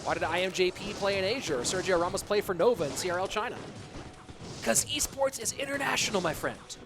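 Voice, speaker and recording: A man casting a video game tournament on a live stream, chatty and excitable, talking to his chat between matches. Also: high-pitched, fast. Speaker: esports caster. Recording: music bed behind voice.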